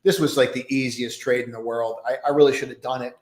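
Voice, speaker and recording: A man's voice: mid-range voice, steady tone, fast talker. Rambling man thinking aloud, roomy sound. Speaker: trading livestream host. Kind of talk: live pre-market commentary. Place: home trading desk with many monitors. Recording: roomy echo.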